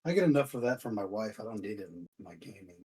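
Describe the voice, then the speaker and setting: A man's voice: fairly low pitch, lively intonation, fast, darkish tone, breathy edge. A man on a casual hobby podcast, tossing in dry joking asides. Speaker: podcast co-host.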